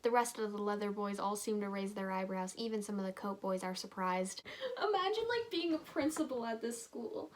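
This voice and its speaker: A woman's voice: medium pitch, expressive, normal speed, a little hiss or hum, poor audio. A young woman YouTuber reading a story aloud, breaking off for sarcastic, chatty commentary full of fillers.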